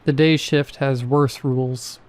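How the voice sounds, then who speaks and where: An apathetic security guard who sounds like nothing matters to him, as a male narrator puts him on. His delivery stays flat and nearly bored, in a mellow, darker tone, heard in a horror story reading. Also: medium pitch, measured pace, lightly acted.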